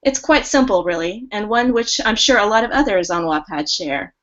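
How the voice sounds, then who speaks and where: A woman's voice: medium pitch, lively intonation, normal speed, a bit bright, lightly acted. A woman voicing a suave old male vampire count in her everyday voice, speaking formally over muffled video call audio. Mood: courtly. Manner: formal, courtly address.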